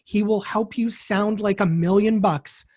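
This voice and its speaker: A podcast co-host reading a scripted guest introduction in a measured, list-like way. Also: medium pitch, steady tone, darkish tone, no room sound, studio quality.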